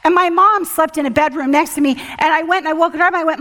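An older woman giving an earnest personal testimony at church, halting often and restarting her sentences. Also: very high voice, expressive, bright, forceful tone, in a large hall, slight background noise. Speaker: church speaker.

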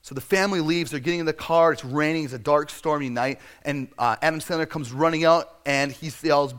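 Male pastor, sermon, slightly higher voice, animated storytelling, casual fillers, bursts of shouting. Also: brisk, clean tone. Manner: animated storytelling, acting out scenes with loud shouts; conversational and self-deprecating, with frequent fillers.

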